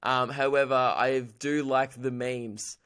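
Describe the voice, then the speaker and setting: A man's voice: mid-range voice, level tone, slow, a bit bright, clear, resonant tone. A polite, earnest woman fan who is plainly puzzled by slang, voiced lightly by a man. She answers primly and unsurely, choosing her words with care.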